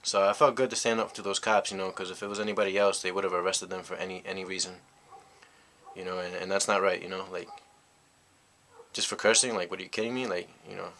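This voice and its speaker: Low, flat-voiced young man telling a story. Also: quick pace, slight background noise. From United States. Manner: rambling, reflective, heavy on "you know" fillers. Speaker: vlogger. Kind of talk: casual storytelling monologue.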